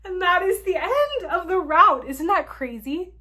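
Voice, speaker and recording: A young woman recapping a game's story in a chatty, expressive way, filling her talk with "like". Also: very high voice, a little slow. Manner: chatty, heavy use of "like", playful and expressive. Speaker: gaming vlogger.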